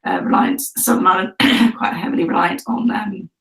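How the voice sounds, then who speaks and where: A woman's voice: medium pitch, normal speed, vocal fry, fairly bright tone. British woman chatting, laughs easily. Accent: British English. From United Kingdom. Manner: hesitant, laughs often, many restarts. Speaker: guest. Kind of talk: casual video call chat.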